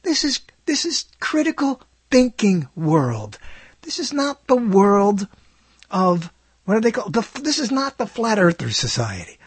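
An older man riffs through a digressive radio monologue, interrupting himself and laughing as his high voice swoops around. His tone is slightly husky, and the dry studio sound keeps him close. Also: wildly swooping pitch, measured pace, no room sound. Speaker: radio talk show host. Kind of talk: rambling on-air monologue.

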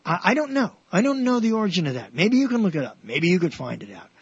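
A man hosting a radio show, telling jokes in a rambling way with many restarts and animated punchlines. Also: sits high, fast talker, husky, no room sound, lo-fi sound.

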